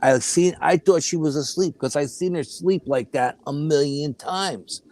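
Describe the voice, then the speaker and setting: An older man, a guest, telling a personal story in a casual, animated way, often acting out other people's words. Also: on the high side, a little slow. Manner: animated, acts out quoted voices, frequent laughs.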